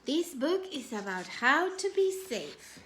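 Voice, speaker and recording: Woman storyteller for children, bright high voice, expressive, unhurried. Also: a little hiss or hum. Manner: slow, expressive read-aloud. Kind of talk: reading picture books aloud to children.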